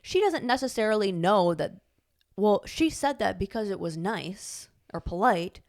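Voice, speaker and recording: An expressive woman with a mid-range, slightly mellow voice takes her time as she co-hosts a laid-back podcast. Her talk wanders, full of "like", and she laughs frequently while telling stories.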